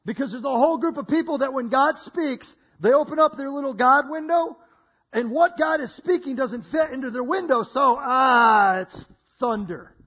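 High-voiced animated male preacher. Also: fairly quick, lo-fi sound. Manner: animated, acts out voices, laughs often. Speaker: guest preacher. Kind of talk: energetic sermon.

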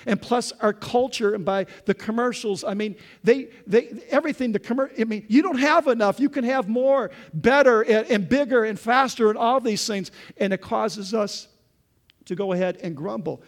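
A man's voice: high-pitched, moderate pace. A man preaching a sermon as pastor, impassioned, often calling out "folks" and "okay?" to the congregation. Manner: impassioned, often raises voice when voicing prayers and quotes.

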